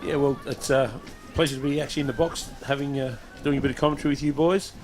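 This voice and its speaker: Australian man, guest football commentator, medium pitch, hesitant chatty delivery, faint outdoor noise. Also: steady tone, fast. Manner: chatty, hesitant, many fillers. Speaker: guest commentator from a local club. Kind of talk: casual sports commentary. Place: commentary box at an outdoor oval.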